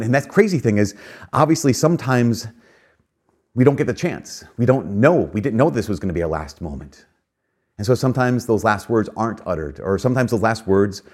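A man's voice: fairly low pitch, darkish tone. A man giving a reflective spoken talk, earnest and conversational, with frequent fillers and emphatic rises.

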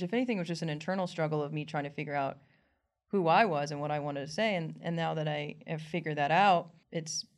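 A woman comedian in an interview, talking casually and animatedly, laughing often and acting out what people said. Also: fairly low pitch. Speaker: comedian guest.

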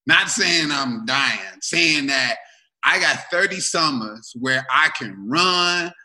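Give me a bright, animated man in his forties chatting as a comedy guest. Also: fairly high pitch, takes it slowly, rough recording. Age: 40s. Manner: animated storyteller who laughs often and acts out quotes. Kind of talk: casual podcast chat.

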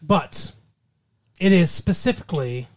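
A man's voice: sits high, expressive, measured pace. Young male co-host, goofy teasing banter, casual show chat.

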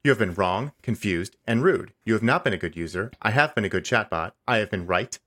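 A man reading the lines of a stubborn, passive-aggressive male AI chatbot in a comedy podcast, insisting he is right and tacking on a deadpan "smiley face". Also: fairly low pitch, fairly quick. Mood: self-righteous. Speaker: podcast host. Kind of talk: comedic dramatic reading of a chat log.

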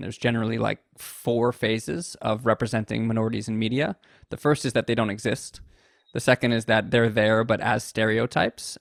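A man hosting a casual discussion, talking in a thoughtful, measured way with frequent restarts. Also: medium pitch, vocal fry, no room sound, clean studio sound.

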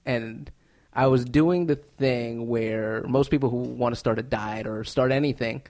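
A man who is a stand-up comedian, telling animated stories with laughs in a casual interview. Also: mid-range voice, unhurried. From United States.

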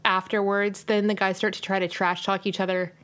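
Female podcast co-host, casual gossipy chatter, natural middle pitch. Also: little pitch movement, fairly quick, fairly bright tone. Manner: chatty, lots of "like" fillers, recaps reality TV. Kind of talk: casual chat.

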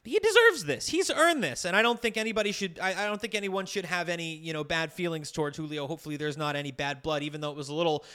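A fast-talking man with a bright, clear voice chats on a casual sports podcast. He laughs often and trails off into fillers. His voice sits a bit high. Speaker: podcast co-host.

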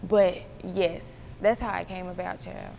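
A young woman rapper from North Carolina, telling stories in an animated way, acting out quotes and laughing often. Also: fairly low pitch, measured pace, creaky. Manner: animated storytelling, acts out quotes, laughs a lot. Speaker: rapper, interview guest. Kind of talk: casual interview chat. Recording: roomy hall with faint noise.

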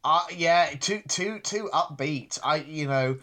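A man's voice: fairly high pitch, slow pace, bright, forceful tone. A man co-hosting a podcast in casual chat, dry and self-deprecating, often restarting his sentences. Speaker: podcast co-host.

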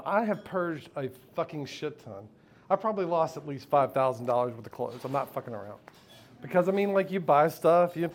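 This American man, performing on a live stage, tells an unfiltered, profane story from his own life and often joins the audience's laughter. His voice is on the high side, with slight background noise.

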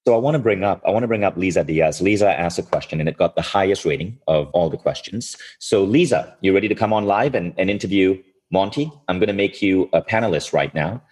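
A man's voice: sits low, quick pace, hardly any pauses, a little mellow, husky. A man hosting a live online interview, appreciative and upbeat when bringing people on. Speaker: host.

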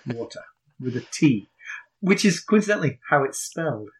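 A man's voice: fairly high pitch, big pitch swings, normal speed, husky. A man with an English accent co-hosting a podcast, teasing drily and recapping a book. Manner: dry, teasing humor. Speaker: podcast co-host. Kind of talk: casual chat and book recap.

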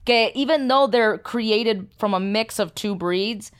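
A woman with a smooth, clear voice chatting casually on a podcast. She mixes Spanish words into her talk and laughs easily. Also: on the high side, measured pace. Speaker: podcast co-host. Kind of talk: casual chat.

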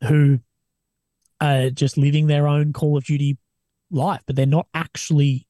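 A young Australian army veteran, appearing as an interview guest, speaks in a slightly high voice at an unhurried pace. He talks casually, swears a lot, and animatedly acts out what other people said. The recording has no room sound.

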